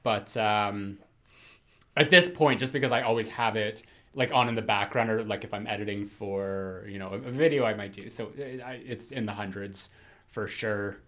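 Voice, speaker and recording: Halting, casual man co-host. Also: fairly low pitch, bright, forceful tone. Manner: halting, loose phrasing with many fillers. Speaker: podcast co-host. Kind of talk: casual chat.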